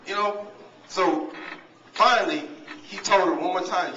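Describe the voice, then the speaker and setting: A man's voice: sits high, normal speed, pushed and bright, slight background noise. A man, giving a humorous, motivational banquet speech as a coach and talking straight to the crowd, recorded in a large hall from a distance. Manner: storytelling, talks straight to the crowd. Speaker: guest speaker and coach. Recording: echoey hall, distant mic, dull sound.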